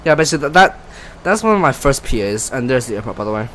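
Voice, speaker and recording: A man's voice: mid-range voice, sing-song, fast, fairly bright tone, a little hiss or hum, low-quality recording. A man casually commenting on his flight sim stream, chatty and self-mocking, often trailing off and restarting.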